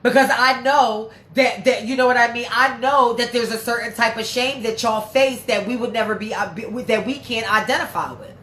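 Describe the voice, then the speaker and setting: Brief: woman host, heated and profane, slightly high voice, echoey room with light background noise. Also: fairly even intonation, normal speed, few pauses, fairly bright tone. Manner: blunt and profane, heated and emphatic. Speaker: livestream host reading viewer comments. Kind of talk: casual livestream talk.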